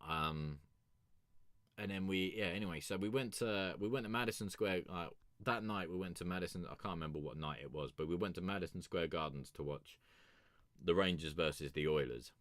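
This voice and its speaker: A man's voice: deep voice, brisk, fairly bright tone, dry recording, clean studio sound. A young man hosting a music review stream, telling a rambling, sweary story in a casual chat.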